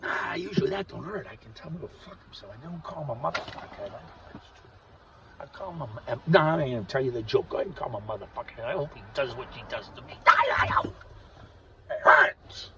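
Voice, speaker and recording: A man delivering a rambling, profane monologue rant, volatile and swinging between loud outbursts and muttering. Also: medium pitch, lively intonation, quick pace. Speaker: vlogger. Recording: distant dull recording with faint noise.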